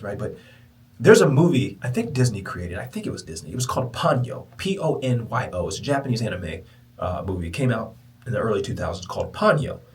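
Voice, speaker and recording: A man hosting a spiritual podcast, telling a story in an animated, preacher-like manner. His voice rises and falls widely, from excited exclamations down to hushed near-whispers. He sits a bit back from the microphone. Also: mid-range voice, far from the mic, poor audio. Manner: animated, preacher-like, shifting between loud and whispered. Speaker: podcast host. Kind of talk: motivational storytelling.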